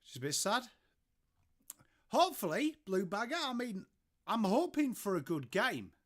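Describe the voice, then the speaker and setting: An English-accented man hosts a live stream from home in a relaxed, chatty way. His voice sits a touch higher than most men's. He keeps addressing viewers by name and answering their messages as they come in. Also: normal speed. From England. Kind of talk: casual live watchalong chat.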